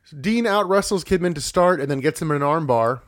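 A man's voice: a little high, lively intonation, brisk, a bit bright. A man co-hosting a wrestling podcast, recapping matches in an easygoing, matter-of-fact way. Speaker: podcast co-host. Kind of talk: casual wrestling recap chat.

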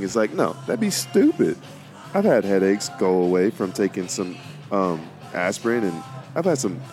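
Young man, low voice, rambling casual faith talk, repeats himself, informal slang, faint music underneath. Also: darkish tone. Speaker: podcast host. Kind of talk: casual faith-based monologue.

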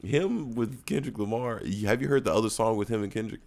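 A man's voice: lowish voice, fairly quick, creaky. A young man from Louisiana co-hosting a podcast, laughing often and cursing freely in casual chat. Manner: laughs often, profane, animated. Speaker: podcast co-host.

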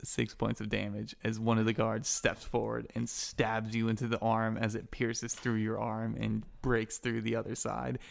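Man, gravelly voice, game master, improvised tabletop narration. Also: lowish voice, monotone, moderate pace, few pauses, slight background noise.

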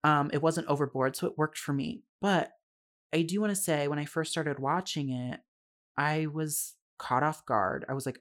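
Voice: medium pitch, steady tone, unhurried. Young podcast host ranting casually about a movie, swears a lot, laughs a lot, lots of "like" and "um". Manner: candid, swears freely, laughs often; chatty with frequent fillers and asides. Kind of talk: casual solo film review podcast.

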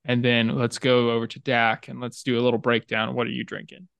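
Gravelly, flat-voiced podcast co-host man. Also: mid-range voice, brisk, no echo. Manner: joking, self-deprecating, steers the conversation. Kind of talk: casual chat.

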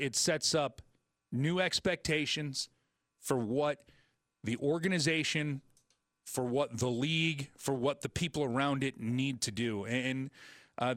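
A man filling in as host on a sports talk radio show, joking and rambling with quick asides. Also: mid-range voice, a bit bright, dry recording, clean studio sound.

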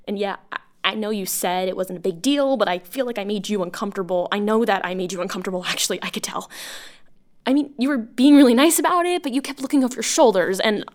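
An actress playing a lonely woman bartender who leaves long, halting voicemails for an old school friend, rambling and self-conscious. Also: medium pitch, natural voice. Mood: apologetic. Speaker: voice actor. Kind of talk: audio drama monologue.

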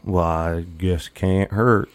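A jittery young orphan hustler with a stammering country drawl, voiced by a man. He trips over his words whenever he's caught, in a tabletop game session. The voice sits a little low, with a dry sound. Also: fairly even intonation, slow, no echo. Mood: playing dumb. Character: young male orphan hustler, nervous and folksy.

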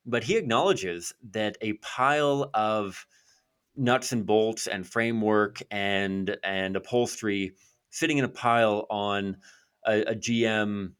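Podcast co-host guy, lowish voice, chatty, walks through examples from his office. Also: fairly bright tone, clear, resonant tone. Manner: conversational, explains with examples. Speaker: pro-life podcast co-host. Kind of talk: casual discussion. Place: office in Calgary.

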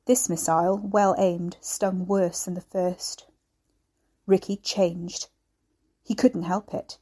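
A woman, the author, reading her own dark novel aloud in a measured storytelling style. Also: fairly low pitch, flat delivery, breathy edge. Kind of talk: audiobook narration.

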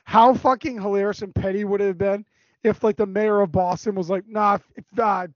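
High-pitched guy griping and cussing, dry muffled sound. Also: fairly even intonation, fairly quick, no echo. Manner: profane, mocking storyteller. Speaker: podcast co-host. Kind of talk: casual chat.

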